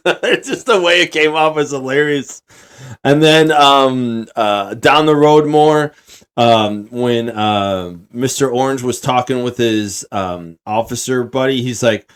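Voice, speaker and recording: A man co-hosting a podcast and chatting casually. He rambles, swears freely and restarts his sentences often, with a voice of middling pitch. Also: a little slow, clear, resonant tone. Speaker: podcast co-host. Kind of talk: casual chat.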